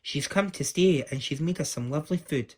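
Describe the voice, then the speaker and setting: A man's voice: on the high side, brisk, close to an everyday voice. A man voicing a hungry little male dwarf who mumbles. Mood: mumbling.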